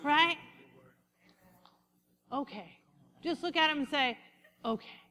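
Bright high-voiced woman preaching in a hall. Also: takes it slowly. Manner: lively preaching, acts out quotes and sheep sounds. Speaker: pastor. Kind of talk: sermon. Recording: echoey hall with long reverb.

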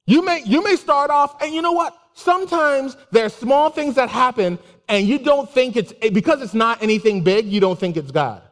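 A man giving a casual, animated sermon with personal stories, laughing and exclaiming often. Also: very high-pitched, moderate pace, few pauses. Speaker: preacher. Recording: long hall reverb.

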